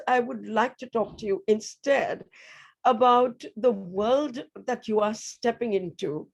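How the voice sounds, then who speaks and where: An older woman giving an earnest, measured address to new students over a video call, asking rhetorical questions. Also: on the high side, vocal fry. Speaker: guest speaker.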